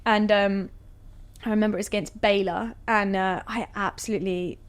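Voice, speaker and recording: A woman, a guest athlete telling her story in a relaxed, chatty way, full of "like" and "you know". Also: medium pitch, moderate pace. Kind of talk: casual storytelling interview.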